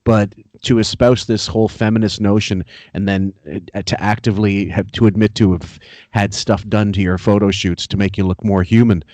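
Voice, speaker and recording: Low-voiced, profane male podcaster. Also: fairly even intonation, normal speed, a little mellow, no echo. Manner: profane, mocking rants. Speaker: podcast co-host. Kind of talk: casual podcast commentary.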